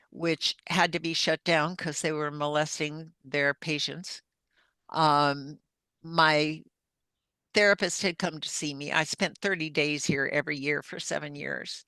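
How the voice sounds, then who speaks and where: A woman's voice: low voice, bright, forceful tone, dry recording. An older woman, a podcast guest, earnestly recounting a personal story in vivid detail. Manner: earnest, vivid retelling with acted-out dialogue.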